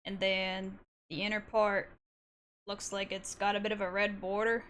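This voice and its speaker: A woman's voice: medium pitch, level tone, normal speed, fairly bright tone. A young woman from southern Canada, chatting while drawing on stream in a put-on Southern US accent, playful and teasing. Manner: playful, teasing, bursts of silly sing-song noises. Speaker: art streamer. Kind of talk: casual chat while drawing.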